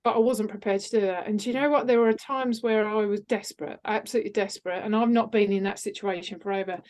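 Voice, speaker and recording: A woman's voice: mid-range voice, fairly even intonation, fast, darkish tone. Emphatic woman coach. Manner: earnest and emphatic, repeats phrases for stress. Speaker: guest, executive coach. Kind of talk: casual interview chat.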